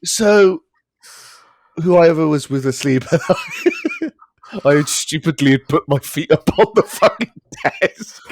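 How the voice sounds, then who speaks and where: Giggly young man with a very lively voice. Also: on the high side, takes it slowly, slight background noise. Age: young adult. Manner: giggly, laughs often. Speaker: podcast co-host. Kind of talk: casual chat.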